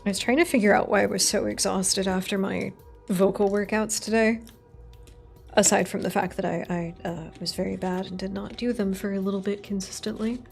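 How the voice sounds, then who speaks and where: Gravelly-voiced woman streamer chatting. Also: medium pitch, steady tone, a little fast, a little mellow, soft background music. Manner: rambling, sweary, self-mocking. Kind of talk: casual chat while crafting.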